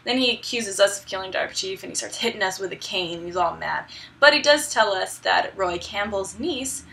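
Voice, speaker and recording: Brief: young woman vlogger, irreverent and profane, gravelly fry in the voice. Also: mid-range voice, expressive, fairly quick, sharp tone. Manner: irreverent, profane, laughing asides. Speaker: gaming vlogger. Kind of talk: casual story recap.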